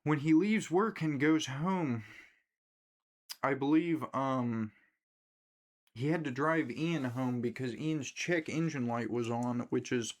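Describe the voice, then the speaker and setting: A man recapping a movie in a loose, casual rant. He tells the story with animated energy and plenty of swearing. His voice sits at an ordinary middle pitch for a man. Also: takes it slowly. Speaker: movie reviewer.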